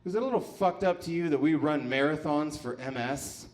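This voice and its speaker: Man, thirties, stand-up comedian, slightly high voice, crude self-mocking stories, sudden shouted bursts, live stage, mic on stand. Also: a little fast. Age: 30s. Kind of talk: stand-up set. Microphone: handheld mic on a stand.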